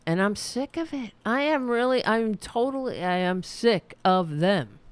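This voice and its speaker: A woman hosting a live-streamed political talk show, ranting angrily and bluntly, with plenty of profanity and some quieter asides to the chat. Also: medium pitch, animated, measured pace, clear, resonant tone, no echo.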